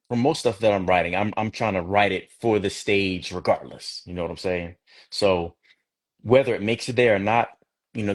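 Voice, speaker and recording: A man with a low voice talks as a guest poet in a relaxed interview. He thinks aloud, restarting phrases as he explains his craft. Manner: reflective, many restarts, conversational. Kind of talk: casual interview talk.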